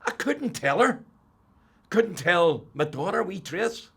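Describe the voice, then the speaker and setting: An older man with a Northern Irish accent, telling his personal faith testimony as an animated storyteller who drops to a hush and then rises loud. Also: high-pitched, slow pace, creaky, slightly rough. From Northern Ireland. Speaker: testimony speaker.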